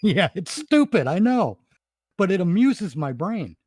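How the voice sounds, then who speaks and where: A man's voice: high-pitched, big pitch swings, unhurried, a little mellow, slightly rough, dry recording. A man casually chatting on a podcast, rambling and laughing at his own jokes. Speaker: podcast host and comedy writer. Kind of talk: casual chat.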